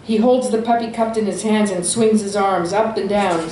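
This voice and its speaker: A woman reading her own fiction aloud at a small venue, with steady, expressive storytelling. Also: mid-range voice, normal speed, echoey room, slight background noise, poor audio. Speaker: author.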